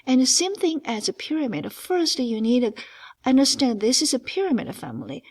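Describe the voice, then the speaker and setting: A woman's voice: sits high, brisk. A woman math teacher with a non-native English accent, walking through a geometry lesson and stressing key words. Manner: emphatic, stretches key words, lively ups and downs.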